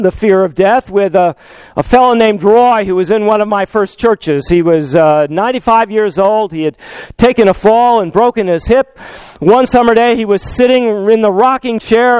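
A man's voice: high-pitched, normal speed, a little mellow, clear, resonant tone, dry recording. Older male pastor with a fraying voice. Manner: rambling, with many fillers and wry asides. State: voice going hoarse. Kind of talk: sermon. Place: church service.

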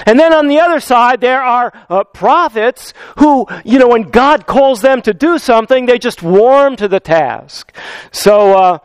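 Man, pastor, sermon, lively storytelling, dry close sound. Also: extremely high pitch, unhurried, clean tone, no room sound, poor audio. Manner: acts out biblical voices in a lively storytelling way.

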